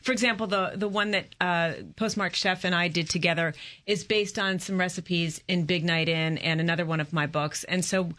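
A woman's voice: lowish voice, fairly even intonation, normal speed, fairly bright tone. A woman cookbook author describing dishes and ingredients in detail on a talk show, with frequent fillers. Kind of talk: casual talk-show chat.

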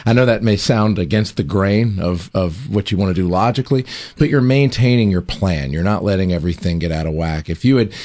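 A man's voice: low voice, a little fast, few pauses, a little mellow. A man co-hosting a radio advice show, explaining retirement savings in an easygoing way. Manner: explanatory, easygoing, laughs readily. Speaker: radio co-host, retirement planner.

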